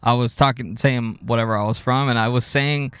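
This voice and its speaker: A man's voice: medium pitch, steady tone, a little fast, a bit bright, clean tone, no echo. A young man co-hosting a casual podcast, telling a story loosely with swearing and frequent laughter. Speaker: podcast co-host. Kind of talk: casual chat.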